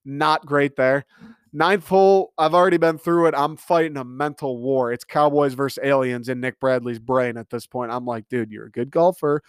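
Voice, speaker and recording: A man's voice: medium pitch, fairly even intonation, moderate pace, smooth, no echo, studio quality. A man telling a story in a casual comedic rant, exasperated and swearing freely as he talks.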